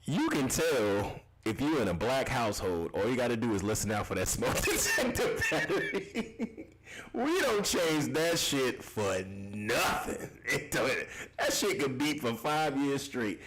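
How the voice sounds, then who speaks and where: A man's voice: mid-range voice, huge pitch swings, normal speed, noisy background. A young man hosting a casual gaming livestream, reading chat comments aloud, loose and profane, laughing often and repeating himself.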